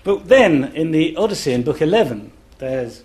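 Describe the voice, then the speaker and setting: A man speaking as a classics scholar on a festival panel, explaining in a measured, demonstrative way and chanting rhythms aloud to show them. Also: a little high, sing-song, a little mellow. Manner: measured and deliberate. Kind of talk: explanatory public talk.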